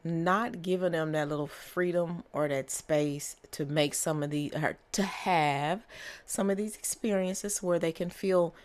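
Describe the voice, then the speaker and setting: A woman's voice: fairly low pitch, steady tone, unhurried. A woman giving a casual tarot reading, chatty and repetitive, often checking in with "okay?". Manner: repetitive, conversational, many fillers and "okay?". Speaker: tarot reader.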